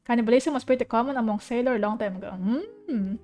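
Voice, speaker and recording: High-voiced young woman, effusive rambling chat. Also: a little fast. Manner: rambling, effusive, emotional, with restarts. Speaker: vtuber streamer. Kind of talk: casual chat reacting to an anime. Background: soft piano music.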